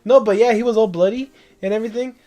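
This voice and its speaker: A man's voice: high-pitched, fairly even intonation, fast talker, mellow. A young man casually telling a long, rambling story to friends, laughing as he goes.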